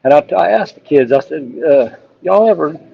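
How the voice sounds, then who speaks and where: A man tells an earnest, heartfelt story about the road, his voice sitting at an ordinary middle pitch. He is calling in over a phone, so the sound is muffled and lo-fi. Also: animated, a little fast, vocal fry, breathy edge. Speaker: police officer and ultrarunner. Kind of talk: phone interview update.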